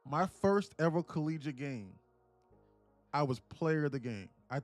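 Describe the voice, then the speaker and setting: This is a live-streaming day trader, a man in his late twenties, spinning a casual, profane, slang-heavy story for his chat. His voice sits fairly high and he takes his time, with soft background music.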